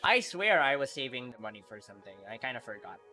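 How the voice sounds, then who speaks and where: A man live-streaming a video game, chatting casually with viewers, excitable and quick to laugh. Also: medium pitch, soft background music.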